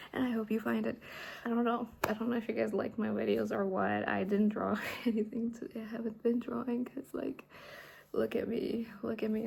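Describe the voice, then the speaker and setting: A young woman from India, with Hindi as her first language, talks straight to her camera in a loose, rambling vlog. Her voice is husky and breathy, with a gravelly fry at the ends of phrases. She often sinks into a soft half-whisper. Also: fairly high pitch. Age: young adult. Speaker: vlogger and artist. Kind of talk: casual vlog talk to camera.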